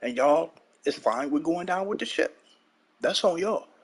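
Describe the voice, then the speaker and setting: A man's voice: on the high side, expressive, unhurried, breathy edge. A man hosting his own gaming channel, ranting heatedly and profanely, repeating lines for emphasis.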